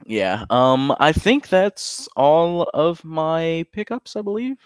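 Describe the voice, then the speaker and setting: A man's voice: a little high, very animated, takes it slowly, smooth, no room sound. A young man co-hosting a casual podcast over a call, playful and often laughing. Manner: giggly, playful. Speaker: podcast co-host. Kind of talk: casual chat.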